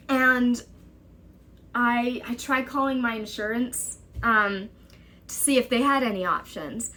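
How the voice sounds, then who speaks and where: This young vlogger speaks with a slightly high, sharp-toned voice as she recounts something that happened to her. Exasperated and urgent, she keeps quoting other people along the way.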